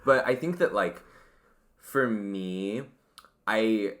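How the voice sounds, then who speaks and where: A young man co-hosts a podcast, rambling through casual chat and leaning heavily on "like." His voice is lowish, expressive and a bit bright, and he speaks extremely slowly.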